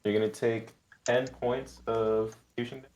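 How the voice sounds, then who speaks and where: A man narrating as game master in a relaxed, plain-spoken way. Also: mid-range voice, moderate pace.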